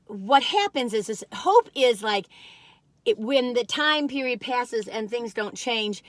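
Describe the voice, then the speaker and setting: Folksy woman vlogger, fairly high voice, chatty and homespun, dry close recording. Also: no room sound. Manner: folksy, warm-hearted, says "you all" often. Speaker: food review vlogger. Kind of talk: chatty cookie taste-test vlog.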